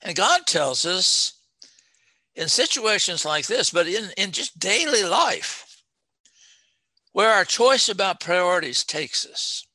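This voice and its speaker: A man preaching a sermon, reading scripture with slow, emphatic stress and talking to his congregation. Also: high-pitched, big pitch swings, pushed and bright, dry recording.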